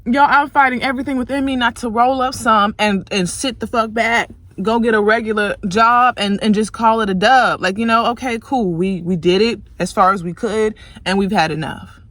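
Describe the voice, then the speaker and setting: A young woman, a tarot reader, venting to her viewers in a frustrated, profane rant, worn out and swinging from loud outbursts to low, tired muttering. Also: no room sound. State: exhausted.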